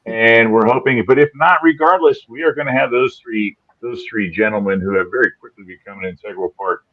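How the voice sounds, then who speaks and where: A man's voice: medium pitch, brisk, phone-quality sound. A man hosting a live online show, talking in an upbeat, rambling way with restarts. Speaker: podcast host. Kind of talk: casual live-show chat.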